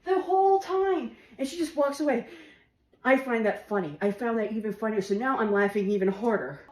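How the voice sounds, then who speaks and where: Woman, casual comic storyteller, laughs through lines, a little high, roomy echo. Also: fairly quick. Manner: laughing through her words, animated, swearing. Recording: roomy echo with faint music.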